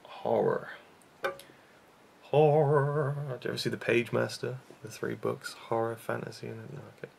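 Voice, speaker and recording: A man's voice: mid-range voice, completely flat delivery, a little fast, gravelly, hardly any pauses, a little hiss or hum. A young man chatting casually in a vlog about favorite films, rambling with lots of fillers and restarts. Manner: rambling, self-deprecating, frequent fillers and restarts. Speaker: YouTube reviewer.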